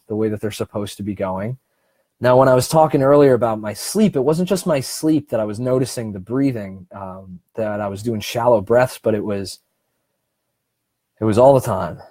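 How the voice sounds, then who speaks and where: Mellow-voiced man giving a casual breathing seminar. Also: mid-range voice, no room sound. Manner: conversational and encouraging, with frequent restarts and slow, deliberate stretches. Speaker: self-help speaker.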